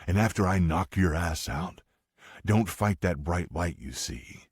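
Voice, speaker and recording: A man's voice: low-pitched, lively intonation, a little slow, darkish tone, slightly rough, no room sound, studio quality, heavily acted. A man voicing a blunt, fierce tough man who speaks with threatening bluntness in an audiobook. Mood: angry threatening.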